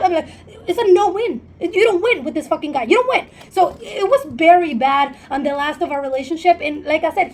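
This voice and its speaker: A woman vlogger telling a breakup story to camera, candid and emotional, swearing often and slipping in quick asides. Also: high-pitched, darkish tone. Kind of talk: storytime monologue.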